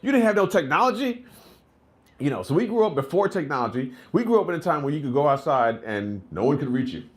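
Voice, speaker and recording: A man in his forties doing a live stand-up set, a profane, animated storyteller who peppers his talk with "like" and "right?". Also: fairly high pitch, fast talker. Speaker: stand-up comedian.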